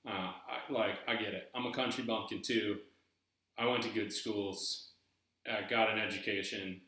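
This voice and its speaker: A man's voice: fairly low pitch, fairly even intonation, moderate pace, pushed and bright. A man from eastern North Carolina with a Southern accent, hosting a casual video and rambling with many fillers and restarts. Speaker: YouTube host. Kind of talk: casual vlog commentary. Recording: very echoey room.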